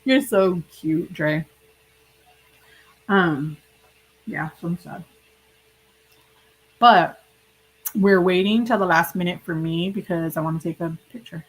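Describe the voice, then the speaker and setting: A woman's voice: fairly low pitch, takes it slowly, long pauses, rough recording. A woman hosting a casual livestream, chatting and rambling directly to her viewers while sick and hiccuping. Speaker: livestream host.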